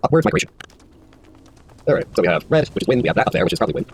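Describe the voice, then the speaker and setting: A man's voice: mid-range voice, big pitch swings, rapid-fire, a little hiss or hum. A man hosting a casual let's-play of a puzzle game, rambling and talking to himself as he works through it, swearing now and then. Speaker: gaming video host.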